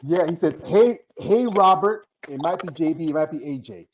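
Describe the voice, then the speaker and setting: A man hosting a casual interview, relaxed and reading out viewer comments. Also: on the high side, fast talker, slight background noise, poor audio. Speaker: host. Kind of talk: casual interview with live chat.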